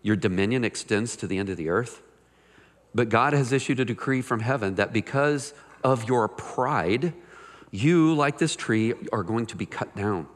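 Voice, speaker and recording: A man preaching a sermon, animated and conversational, reading scripture aloud and adding jokes and asides. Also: medium pitch, moderate pace, big-room sound. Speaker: pastor.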